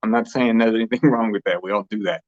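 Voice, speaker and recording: A man's voice: fairly low pitch, steady tone, fast talker, muffled recording. Rambling man in a casual motivational monologue. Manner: rambling, repeats phrases, laughs often. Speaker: host.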